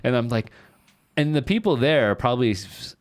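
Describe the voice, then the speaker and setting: A man's voice: mid-range voice, animated, normal speed, dry recording. A man co-hosting a podcast, talking candidly in rambling, casual chat, full of fillers and frequent swearing. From lives in Shanghai, China. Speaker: podcast co-host.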